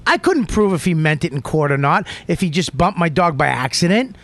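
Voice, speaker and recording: A man hosting a podcast, telling a heated story in a profane, emphatic way that keeps swinging into shouting. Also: on the high side, very animated, brisk, no echo. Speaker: podcast host.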